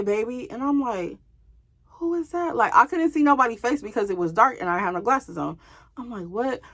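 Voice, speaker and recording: Lady doing a storytime vlog, kinda high voice, animated, talks right to the viewers. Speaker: vlogger telling a personal story. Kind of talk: casual storytime.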